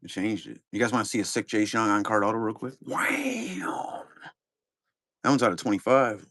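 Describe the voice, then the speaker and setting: A man's voice: lowish voice, sing-song, moderate pace, a bit bright, no room sound, studio quality. A middle-aged man, casually rambling to chat viewers while opening card boxes on a live stream. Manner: rambling, laid-back, talks to chat viewers.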